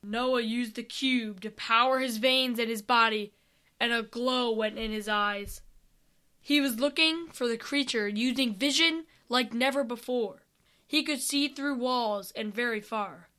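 A woman reads an adventure story aloud, calm and unhurried. Her high, bright voice holds an even storybook pace.

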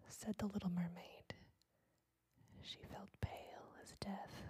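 A woman reading a fairy tale aloud in a slow, even ASMR whisper. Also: lowish voice, husky. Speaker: ASMR storyteller.

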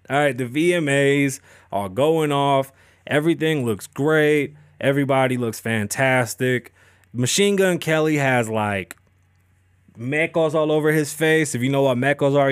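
A man's voice: a little high, no room sound, studio quality. A man hosting a podcast, ranting casually and profanely with lots of swearing. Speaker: podcast host. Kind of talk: casual chat.

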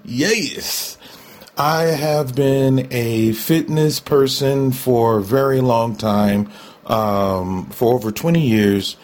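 A man's voice: mid-range voice, a little slow, a little mellow. A man hosting a talk show, speaking candidly and conversationally, repeating himself for emphasis and laughing often. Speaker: host. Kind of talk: solo talk show monologue.

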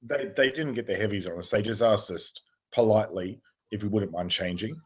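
A man's voice: fairly low pitch, fairly quick, breathy edge. A man co-hosting a podcast, talking in a laid-back, playful way with frequent chuckles. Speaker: podcast co-host. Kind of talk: casual reminiscing chat.

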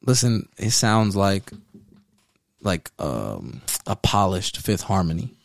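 A man co-hosting a podcast, chatting in an animated, slangy way full of fillers. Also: sits low, slow, vocal fry, dry recording. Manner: animated, slangy, lots of fillers like "you know what I'm saying". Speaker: podcast co-host. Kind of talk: casual podcast chat.

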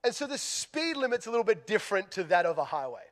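Delivering a sermon, this Australian-accented man spins a humorous tale at his own expense, his volume rising and falling sharply. He speaks quickly in a high-pitched, animated voice.

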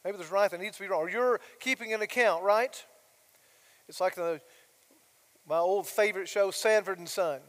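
With frequent pauses at normal speed, a middle-aged pastor preaches a sermon in a high, light voice. He chats with the congregation through asides and questions, his voice ringing out in the church sanctuary's long reverb.

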